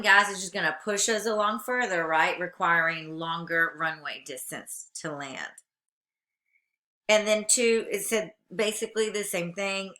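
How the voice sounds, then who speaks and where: A woman's voice: lowish voice, sharp tone. A woman instructor giving a recorded lecture, reading regulations aloud and then explaining them plainly to her students. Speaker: aviation instructor.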